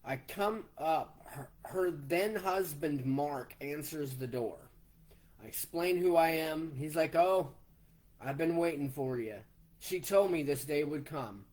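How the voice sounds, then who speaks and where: A man in his forties recounts a personal story at an unhurried pace. He talks plainly and takes events one step at a time. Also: on the high side, darkish tone. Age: 40s. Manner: slow, plainspoken, retelling step by step. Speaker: vlogger.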